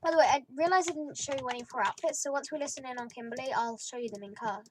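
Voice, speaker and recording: A woman's voice: high-pitched, brisk, noisy background. A young British woman giving rambling, chatty commentary over her video game, filling gaps with "like" and trailing into whispers. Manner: rambling, chatty, lots of "like" fillers. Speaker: gaming YouTuber. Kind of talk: casual let's-play commentary.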